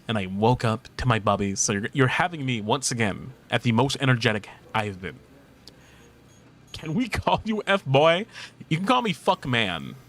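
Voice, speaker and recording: A man's voice: mid-range voice, a bit bright. A man in his thirties streaming casually, reading chat aloud, playful and teasing, laughing often.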